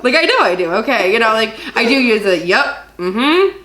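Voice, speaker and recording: A woman co-hosting a podcast, telling a story in a rambling, animated way and laughing as she goes. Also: fairly high pitch, fast talker, roomy sound. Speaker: podcast co-host. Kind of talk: casual chat.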